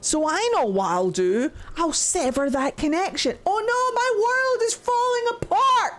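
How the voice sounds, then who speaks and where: A woman voicing a prideful ancient male elf god who panics when his plans go wrong, in a raised, loud voice. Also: very animated, unhurried. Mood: panicky. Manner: high-pitched and loud, dismissive then panicky.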